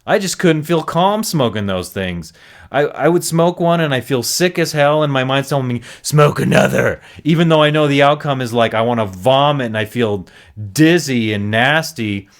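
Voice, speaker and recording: A man's voice: medium pitch, expressive, normal speed. A man hosting a solo recovery podcast, talking earnestly and reflectively with frequent restarts.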